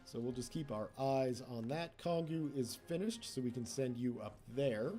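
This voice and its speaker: A man's voice: mid-range voice, animated, normal speed, mellow, soft background music. A man giving casual gameplay commentary as a let's play host, chatty and teasing the computer opponents.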